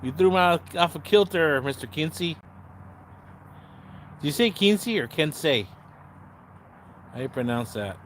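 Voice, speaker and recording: A man's voice: fairly high pitch, expressive, moderate pace, pauses often, fairly bright tone, a little hiss or hum. A man hosting a casual livestream, chatting to viewers in the comments, sarcastic and rambling, swearing freely and often losing his train of thought. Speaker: livestream host.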